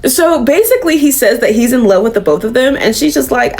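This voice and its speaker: A woman reviewing comics in a casual recap, animated and swearing freely. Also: sits high, fairly quick, gravelly, hardly any pauses.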